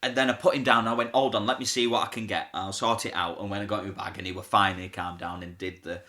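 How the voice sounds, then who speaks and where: This man talks in a bright, forward voice. He tells backstage stories as a pantomime comic in a relaxed interview, chatty and quick to laugh, slipping into the voices of the people he quotes. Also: on the low side. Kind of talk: casual storytelling interview.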